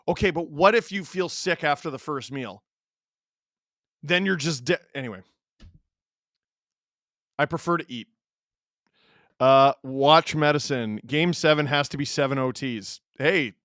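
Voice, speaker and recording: A man in his thirties hosting a stream, reading chat aloud and telling stories in an animated, casual way. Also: on the high side, moderate pace, long pauses, no room sound, studio quality. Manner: animated storyteller, reads chat aloud, laughs often.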